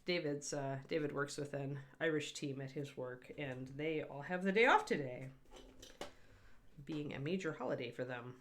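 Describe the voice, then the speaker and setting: A woman's voice: sits low, moderate pace. A woman hosting a casual livestream painting tutorial from home, chatty and rambling, laughing often. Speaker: host and miniature painting instructor.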